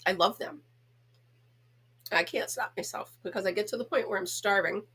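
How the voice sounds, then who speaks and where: A woman's voice: medium pitch, normal speed, fairly bright tone, slightly rough. A middle-aged woman from the United States hosting a casual home chat vlog, talking in a chatty, giggly, self-teasing way. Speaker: host.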